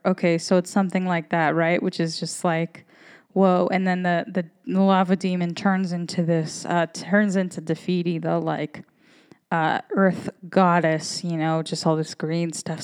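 A woman's voice: fairly low pitch, clean tone. A woman in her thirties hosting a podcast, talking in a candid, rambling, profane way. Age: 30s. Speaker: podcast host. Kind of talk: casual monologue.

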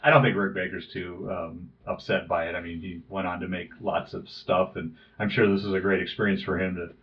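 A man in casual chat, hesitant and thoughtful, pausing and restarting. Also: low voice, steady tone. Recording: distant, dull lo-fi sound.

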